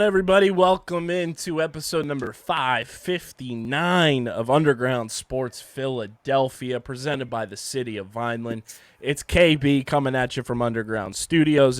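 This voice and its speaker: A man hosting a casual sports podcast, hoarse from having partly lost his voice, ranting and joking at himself. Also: medium pitch, dry recording. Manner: ranting, self-mocking banter. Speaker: podcast host. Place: home studio.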